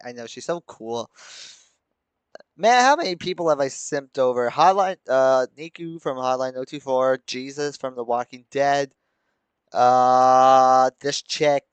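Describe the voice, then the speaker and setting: A man's voice: medium pitch, clear, resonant tone, no room sound. Dry-sounding young man reading a game aloud. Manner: reads the story aloud, breaking off into chuckles and joking asides. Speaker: streamer reading a visual novel. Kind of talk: live let's-play commentary mixed with reading aloud.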